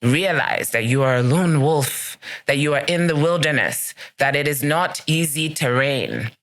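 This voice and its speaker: A woman's voice: deep voice, animated, a little slow. A woman hosting a solo podcast, talking earnestly and emphatically, repeating key phrases as she gives encouragement to listeners. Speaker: podcast host. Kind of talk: solo motivational podcast talk.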